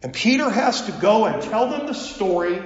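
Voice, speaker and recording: A man preaching a sermon as pastor, telling the story with acted dialogue and lively asides, recorded in a church sanctuary. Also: sits high, normal speed. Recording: echoey hall, dull lo-fi sound.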